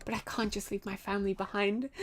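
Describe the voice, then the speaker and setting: A woman's voice: medium pitch, steady tone, brisk. A young woman streaming a game, chatting with her viewers and giggling often. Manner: giggly, talks to chat. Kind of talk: live gameplay commentary. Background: soft background music.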